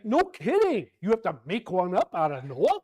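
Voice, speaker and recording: Sitting high in pitch and talking at normal speed, a man runs a loose Bible class at church. He's animated and rambling, circling back over the same points with clear exasperation.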